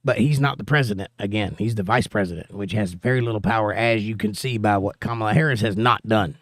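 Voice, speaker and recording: A man's voice: on the low side, fast talker, fairly bright tone, no room sound, studio quality. A man hosting a political livestream from the United States, reading chat comments aloud and answering them in an argumentative, sarcastic way.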